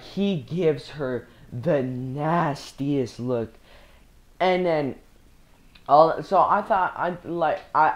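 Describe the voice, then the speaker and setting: A young speaker telling a casual storytime, rambling with slang and frequent laughter. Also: medium pitch. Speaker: storyteller vlogger.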